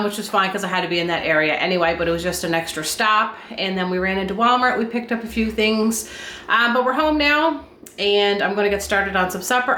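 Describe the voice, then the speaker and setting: A woman's voice: medium pitch, a bit bright, a little hiss or hum. A woman in her thirties from Eastern Canada, a stay-at-home mom chatting casually through her day while stuffed up from a cold, with lots of ums. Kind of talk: casual vlog chat.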